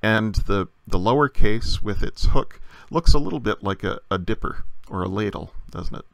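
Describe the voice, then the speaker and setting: A man teaching a recorded language lesson, explaining patiently with frequent pauses and fillers. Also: on the low side, expressive, creaky, a bit bright, no echo.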